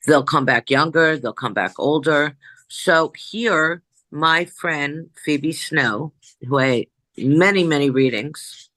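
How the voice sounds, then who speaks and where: A woman, a psychic medium, telling a story in an interview in an animated way, jumping back and forth and acting out what people said. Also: low-pitched, slow pace, no echo, rough recording. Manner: animated, jumps back and forth, acts out quoted dialogue.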